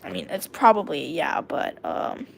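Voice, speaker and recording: A woman's voice: low-pitched, lively intonation, unhurried, creaky, a little hiss or hum. A woman streamer reading her own first-person story aloud, talking casually and breaking off for asides to her viewers. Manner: casual, with self-corrections and asides to chat.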